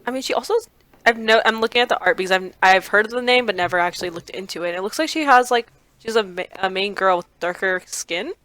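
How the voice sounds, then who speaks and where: A woman's voice: mid-range voice, fast talker, fairly bright tone, no echo. A woman co-hosting a podcast in casual chat, agreeable and steering the talk with questions. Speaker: podcast co-host.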